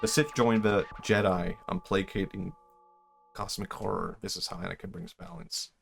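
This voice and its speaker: A young man streaming a game, musing in a loose, excitable way and swearing now and then. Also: low-pitched, moderate pace, creaky, soft background music. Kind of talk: casual gaming stream commentary.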